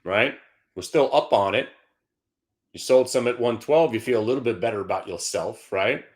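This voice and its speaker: A man hosting a live stock trading show, brash and taunting, dropping to mutters and bursting into shouts. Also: mid-range voice, moderate pace.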